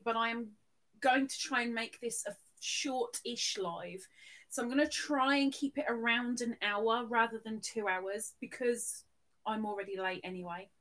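A woman with a high voice hosts a casual live stream in an unhurried way. She chats loosely and breaks into loud, cheerful greetings for viewers by name. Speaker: livestream host.

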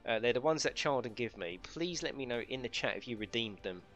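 A chatty man running a live game stream, his voice bright and forceful as he banters, swears lightly and laughs along. Faint music plays behind him. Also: medium pitch, animated, a little fast, highs cut off. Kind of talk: casual live-stream chat.

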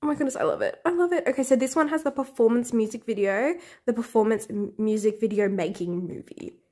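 A young woman vlogger unboxing albums in a room at home, gasping and gushing, often dropping to breathy half-whispered squeals. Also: fairly high pitch, quick pace, darkish tone. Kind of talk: excited unboxing chat.

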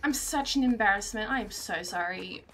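A young woman, streaming herself playing a game and reacting in a panicky, excitable way. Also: medium pitch, normal speed, slight background noise. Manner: excitable, panicky, often shrieking and laughing. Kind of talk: live gameplay commentary.

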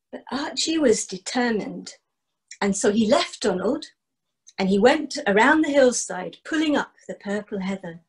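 Woman telling folk tales; unhurried, husky, measured rhythm. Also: a little high, animated, poor audio. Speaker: storyteller. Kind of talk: traditional folk storytelling.

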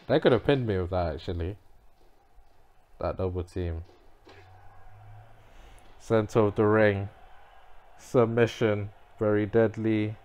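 A man giving muttered, reactive commentary as he plays a wrestling game, now and then breaking into frustrated shouts. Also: on the low side, slow, pauses often, lo-fi sound. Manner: reactive, muttering to himself, bursts of frustrated yelling. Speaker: gamer playing a wrestling game. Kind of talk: live gameplay commentary.

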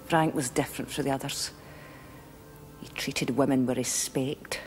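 A woman's voice: a bass voice, fairly even intonation, normal speed, a little mellow, faint music behind. An actress playing a wistful woman who muses ruefully on the past in a sitcom.

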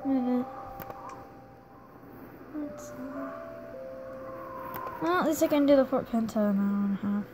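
A young woman giving excited gameplay commentary, giggling and squealing with delight as she plays. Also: a little high, measured pace, pauses often, background noise. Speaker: gaming video creator. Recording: game music playing behind.

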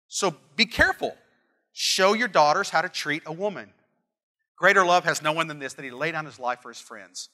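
A man's voice: high-pitched, pushed and bright. A middle-aged man preaching a sermon, earnest and emphatic, repeating key phrases and telling family stories. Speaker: pastor.

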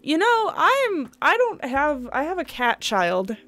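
A woman's voice: high-pitched, huge pitch swings, slow pace, fairly bright tone. A young woman streaming a dating game, rambling chattily between dialogue lines, laughing and swearing often. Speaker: gaming streamer. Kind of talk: let's play commentary.

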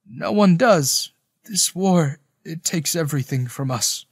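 A man voicing a weary, wise older village man in a spoken story, slow and solemn. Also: a little high, lively intonation, husky, no echo, clean studio sound, heavily acted. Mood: grave. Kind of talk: audiobook character voice.

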